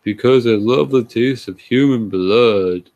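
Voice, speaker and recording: A man voicing a shy, mopey teenage goth vampire boy, drawn out and soft. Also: mid-range voice, a little slow, lightly acted.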